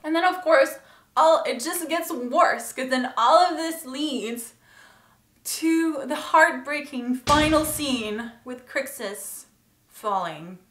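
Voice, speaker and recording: A woman's voice: high voice, lively intonation, takes it slowly, fairly bright tone, a little hiss or hum. A woman reviewing a TV episode in a casual vlog, talking in an emotional, gushing way. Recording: echoey room.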